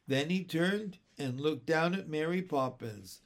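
A man reading a children's story aloud as narrator, expressive and unhurried. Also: fairly high pitch. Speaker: audiobook reader.

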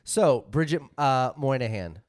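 A man's voice: medium pitch, expressive, a little slow. Eager trivia-sharing podcast guy. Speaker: podcast co-host. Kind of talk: casual movie podcast chat.

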